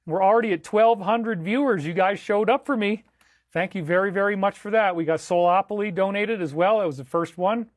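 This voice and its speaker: A man's voice: sits high, brisk, no echo. Man, livestream host, casual rambling chat, dry close sound. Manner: relaxed, rambling, thanks viewers.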